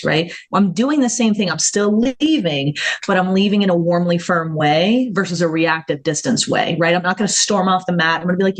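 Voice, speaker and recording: A woman being interviewed as a therapist on a podcast, speaking lively, laughing often and acting out her own inner voice. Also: on the low side, a little fast. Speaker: guest therapist and jiu-jitsu black belt.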